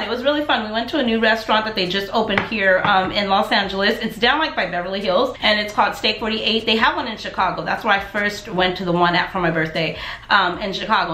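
A woman vlogger chatting casually to her viewers as she gets ready to go out, rambling through animated asides. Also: medium pitch, reverberant. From United States. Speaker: lifestyle vlogger. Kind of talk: casual chat to camera.

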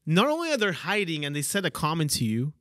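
Speaking quickly with pitch that swoops wildly, a man hosts a podcast and gives an emphatic motivational talk, stressing key words and checking in again and again with "okay?" and "right?". His voice is a little high and fairly bright, recorded at studio quality with no echo.

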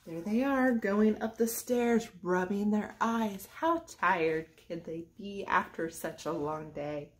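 A woman from a church reading a rhyming picture book aloud to children in a gentle sing-song voice, going soft near the end. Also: mid-range voice, takes it slowly.

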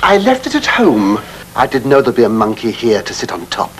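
An actor playing a fussy, bumbling middle-aged music-hall entertainer who talks in cheeky, camp asides and mock-dramatic recitation, in a 1970s film comedy. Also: male voice, mid-range voice, wildly swooping pitch, brisk, slight background noise. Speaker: comic entertainer.

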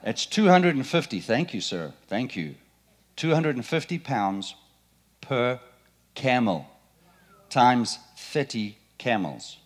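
Animated, playful male preacher. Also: mid-range voice, takes it slowly. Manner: animated, playful, quizzes the congregation. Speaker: pastor. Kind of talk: sermon. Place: church sanctuary.

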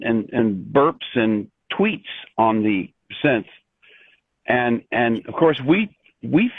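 An older man, a composer, telling stories in an interview with many restarts and an animated, rambling manner over a remote call. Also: mid-range voice, slightly rough, dry recording. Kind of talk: storytelling in an interview. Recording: dry tinny phone-like line.

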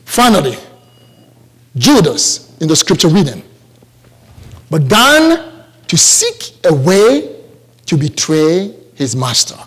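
A male preacher with an African accent delivers a church sermon with a high, very lively voice. He takes his time, drawing out words and repeating lines for weight. He keeps turning to the congregation with questions. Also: slow, long pauses, slightly rough. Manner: animated, questions the congregation, repeats phrases for emphasis. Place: church service.

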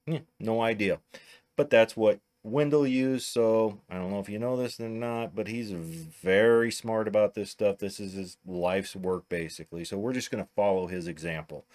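A man's voice: fairly low pitch, darkish tone. A man with a Midwestern American accent, casually talking through each step of a computer tutorial as he works. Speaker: tech tutorial host. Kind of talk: narrated screen-recording tutorial.

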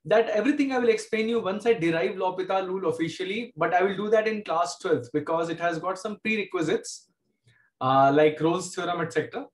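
A man's voice: high-pitched, a little fast, reverberant. A man teaching a math class with an Indian English accent, explaining step by step and repeating key points. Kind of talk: classroom lecture.

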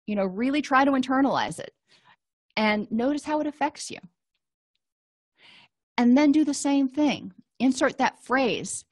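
Calm woman counselor giving a lecture. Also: on the high side, a little slow, dry recording, clean studio sound. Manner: calm, explanatory, walks listeners through exercises. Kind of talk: recorded lecture.

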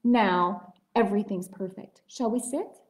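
A loud, teasing male sheep, put on by a woman reading aloud, calling out in a high, bleating voice. He is cheeky and boisterous. The sound has the echo of a roomy space. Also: measured pace, close to an everyday voice. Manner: bellowing, cheeky. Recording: roomy echoey room.

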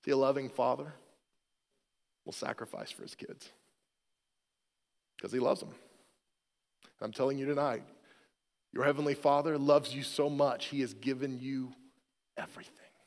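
Joking storyteller pastor in a big hall. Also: male voice, mid-range voice, fairly even intonation, moderate pace, long pauses. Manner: conversational storytelling with self-deprecating humor. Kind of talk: sermon. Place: church sanctuary.

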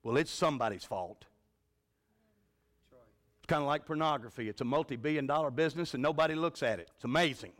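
A man preaching a revival sermon in a church, telling folksy stories and swinging from shouts to a hushed voice. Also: fairly high pitch, fairly quick, pauses often. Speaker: pastor. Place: church sanctuary.

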